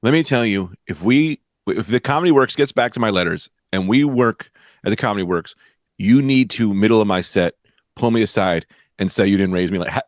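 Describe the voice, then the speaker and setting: A man's voice: no echo, studio quality. A man co-hosting a comedy podcast, joking in casual banter and jumping into mock voices. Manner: jokey, lively, bursts into high mock voices.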